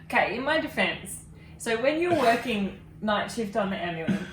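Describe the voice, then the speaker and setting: Woman, 30s, giggly and animated, pitched a bit high, echoey room with faint hiss. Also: normal speed. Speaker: vlogger, co-host with partner. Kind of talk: casual couple chat.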